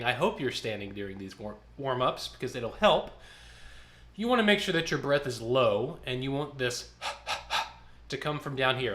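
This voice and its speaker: A man leading a choir warm-up, coaching and demonstrating vocal exercises as a choir director. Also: medium pitch.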